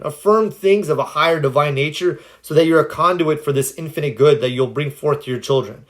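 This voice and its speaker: A man's voice: on the high side, fairly quick, few pauses. A man giving earnest, encouraging self-help advice on a phone livestream, answering viewers' questions, his voice a little cracked. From United States. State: slightly cracked voice.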